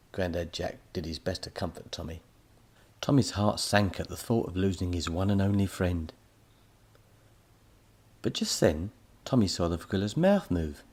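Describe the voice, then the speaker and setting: A man narrating a children's story as an expressive audiobook reader. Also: low-pitched, breathy edge.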